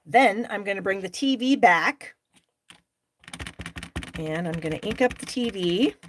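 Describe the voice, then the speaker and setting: A woman's voice: mid-range voice, expressive, measured pace, a bit bright, a little hiss or hum. A middle-aged woman hosting a live stamping class, chatting with viewers by name and openly frustrated at her own mistakes. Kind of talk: live crafting demonstration.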